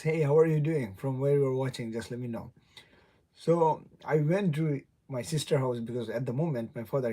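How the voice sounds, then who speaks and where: A young man with a non-native English accent hosts a casual, rambling livestream chat, greeting viewers and laughing often. His voice sits in the mid range, warm and husky.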